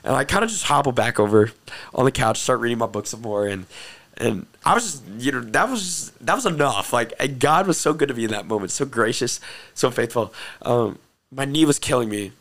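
Earnest excitable young man telling a story. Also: medium pitch, fairly quick. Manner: earnest, excitable, repeats phrases for emphasis. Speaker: host telling his testimony. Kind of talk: personal storytelling.

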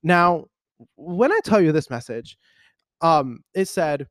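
A man in his twenties hosting a podcast, telling a personal story in a casual, animated, rambling way with lots of fillers. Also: a little high, takes it slowly, no echo, studio quality. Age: 20s. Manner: animated, rambling, heavy use of "like". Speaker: podcast host.

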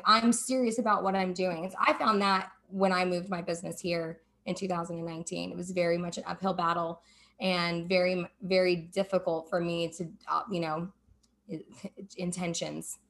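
A woman's voice: fairly low pitch, brisk, gravelly. A woman who owns a cannabis business, speaking as a panel guest and acting out remembered conversations. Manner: animated, acts out quoted dialogue. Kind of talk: casual panel discussion.

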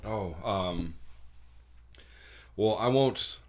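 A man's voice: lowish voice, very slow. A man guesting on a casual podcast, joking around and laughing often. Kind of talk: casual chat.

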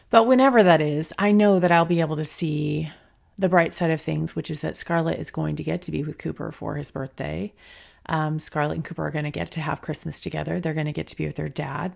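Speaking low with vocal fry, a woman in her forties hosts a personal solo podcast. She's candid and emotional, thinking aloud and near tears while trying to keep from crying.

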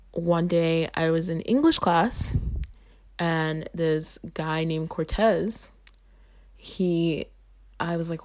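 A young adult woman talks casually on her podcast, slipping in constant "like"s and "um"s. Her voice sits a little low for a woman. She sounds loose and conversational, as if chatting with a friend. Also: a little mellow. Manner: chatty, lots of "like" and "um" fillers. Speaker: podcast host. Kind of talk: casual storytelling monologue.

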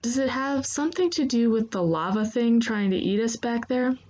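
A woman's voice: on the high side, animated, normal speed, darkish tone, lo-fi sound, pitched above the performer's own voice. A woman voicing a prickly, sarcastic nonhuman crewmember, raising her voice into snappy retorts. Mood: dry, sardonic.

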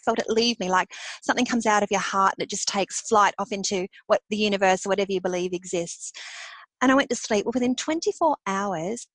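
A woman shares her own story on a podcast, animated and quick to laugh between phrases. Her voice sits at an ordinary middle pitch. The sound is dry and close, with no room around it. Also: dry recording, poor audio. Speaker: podcast guest. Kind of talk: personal storytelling.

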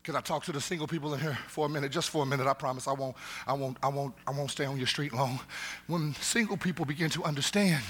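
Man, pastor, sermon, husky, bright and forceful, repeats words, call-and-response. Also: mid-range voice, quick pace. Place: church sanctuary.

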